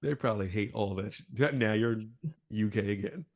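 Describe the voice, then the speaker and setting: A man hosting a gaming podcast with a lowish voice. He chats in a laid-back way and laughs easily. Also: normal speed. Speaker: podcast host. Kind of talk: casual chat.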